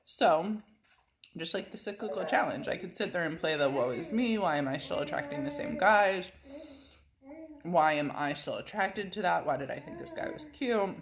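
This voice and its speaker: A woman vlogging casually from her home kitchen, rambling and animated, often laughing between words. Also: on the low side, normal speed, a crowd in the background. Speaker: vlogger and physical therapist. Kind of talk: casual talking-to-camera vlog. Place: home kitchen, feeding a pet. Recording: clear background noise, occasional clicks.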